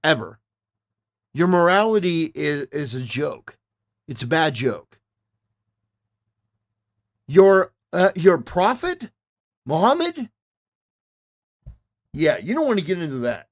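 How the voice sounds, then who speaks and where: A man reacts to a debate clip in a high, lively voice that swings up and down, scolding and mocking the speaker on screen. He takes his time, drawing out his words. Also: takes it slowly, pauses often. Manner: mocking, indignant, talks back at the clip. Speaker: commentary host. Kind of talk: reaction commentary.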